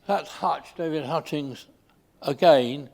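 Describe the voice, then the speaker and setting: An older man from England giving an informal slide talk, pausing often with fillers and restarts. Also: a little high, a little mellow. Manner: halting, with many fillers and restarts.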